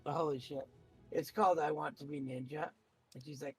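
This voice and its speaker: Streaming an online game, a man with a slightly high, fairly even voice chats casually and at length with a co-player at a normal speed. He rambles in a chatty way, with faint music behind him and a rough recording.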